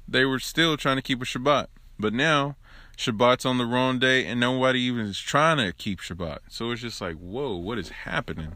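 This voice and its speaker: A man's voice: on the low side, pushed and bright, dry recording. A man giving an informal Torah teaching alone into his own recording device, conversational and emphatic, with joking asides. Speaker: religious teacher.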